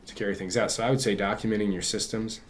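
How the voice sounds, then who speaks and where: A man's voice: on the low side, fairly even intonation, fast talker. A man guesting on a casual podcast interview, talking in a rambling way with many restarts. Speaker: guest physical therapist. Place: in person with hosts.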